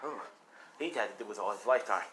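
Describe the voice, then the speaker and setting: A man's voice: on the low side, animated, fast, fairly bright tone, a little hiss or hum. Rambling young man telling a fan story. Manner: rambling, full of "you know" fillers. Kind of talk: casual improvised fan-story narration.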